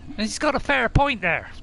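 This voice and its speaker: Brief: excitable game streamer, high bouncy voice, noisy game audio behind. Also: male voice, vocal fry. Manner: excitable, laughs often, talks to himself. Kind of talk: casual gameplay commentary.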